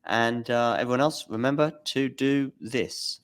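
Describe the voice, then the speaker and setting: A man's voice: mid-range voice, a little slow, clear, resonant tone. A man hosting a casual tennis talk stream, rambling a little and thanking viewers in the chat by name over a remote call.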